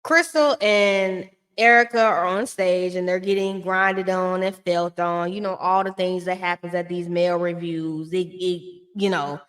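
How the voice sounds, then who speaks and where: A woman's voice: fairly low pitch, steady tone, unhurried, a bit bright. A woman giving a blunt, chatty recap of a reality show in a casual, slangy way.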